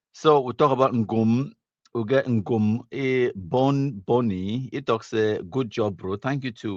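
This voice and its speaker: A man's voice: medium pitch, a bit bright, no echo, highs cut off. A man with a Cameroonian accent hosting a live stream, casually reading viewer comments aloud, mixing in Pidgin and laughing often.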